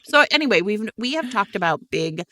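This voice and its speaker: A woman co-hosting a podcast in casual chat, animated and swearing freely. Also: medium pitch, a little fast, no room sound, studio quality. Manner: animated, swearing, exaggerated quoting. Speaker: podcast co-host.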